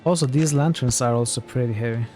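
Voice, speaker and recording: A man's voice: mid-range voice, fast, soft background music. A male streamer giving casual, musing let's-play commentary at his computer. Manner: relaxed, musing, laughs easily. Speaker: game streamer.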